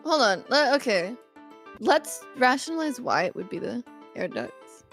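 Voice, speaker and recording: Co-host: woman, higher voice, casual and unsure, pauses to reason things through. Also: sing-song, a bit bright, soft background music. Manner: thinking aloud, hesitant, lots of fillers. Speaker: co-streamer and voice actor. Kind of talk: casual gameplay chat.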